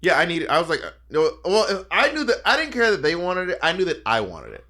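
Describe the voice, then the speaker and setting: A man co-hosting a podcast in a casual recap chat. He is animated and acts out the people he quotes in little voices. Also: high-pitched, fast talker. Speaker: podcast co-host.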